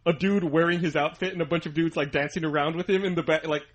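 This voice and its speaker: A man's voice: a little high, steady tone, fast. A man co-hosting a podcast in casual chat, making jokey asides. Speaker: podcast co-host.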